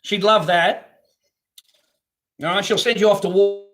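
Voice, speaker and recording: A man's voice: high voice, steady tone, measured pace. A man hosting a live stream from his garage on a phone camera, talking casually in a blunt, profane, ranting way. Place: home garage.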